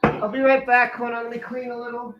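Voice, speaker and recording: A man's voice: extremely high pitch, monotone, a little fast, highs cut off. Chatty man rambling on a live stream. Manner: rambling, chatty, and talking with food. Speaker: livestream host. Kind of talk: casual chat while eating on a live stream. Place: his home.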